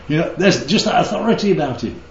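A man's voice: fairly high pitch, expressive, fast talker. A man leading a group Bible study, teaching interactively and keeping the group involved with frequent check-ins. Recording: roomy, slightly dull recording.

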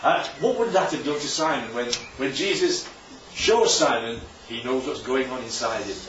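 A man's voice: mid-range voice, animated, normal speed, fairly bright tone, slight background noise. A man preaching a sermon in a chatty way, often asking the room questions. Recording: echoey hall from far off, dull.

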